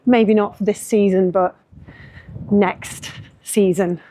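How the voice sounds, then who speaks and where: A woman's voice: mid-range voice, fairly even intonation, takes it slowly, dark tone, a little hiss or hum. A middle-aged woman, a journalist chatting casually to camera in a vlog, self-deprecating and full of ums. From northern England. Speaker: journalist and vlogger.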